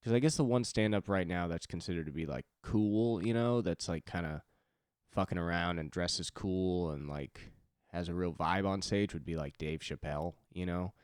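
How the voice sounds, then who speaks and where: A man's voice: sits low, normal speed, a little mellow, clean tone, dry recording, studio quality. A young man, a comedian, rambling through a solo podcast monologue in a self-deprecating way.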